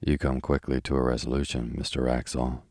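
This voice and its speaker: A man's voice: rumbling low, level tone, a little fast, a little mellow, no echo, clean studio sound. Man reading as a polite hotel proprietor. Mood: courteous. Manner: polite, deferential. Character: courteous suave male hotel owner. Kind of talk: calm audiobook reading.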